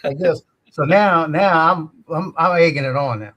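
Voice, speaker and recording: A man's voice: on the high side, normal speed, fairly bright tone, a little hiss or hum. A man, a guest drone pilot telling a long casual story and repeating himself. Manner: rambling, acts out voices, repeats himself. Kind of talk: casual storytelling on a live stream.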